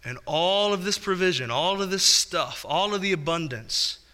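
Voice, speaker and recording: A man in his thirties preaches a sermon in a high, ringing, very bright voice. He talks to the congregation like a friend, slipping in playful asides between his points. His delivery stays conversational rather than formal. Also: expressive, normal speed. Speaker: pastor.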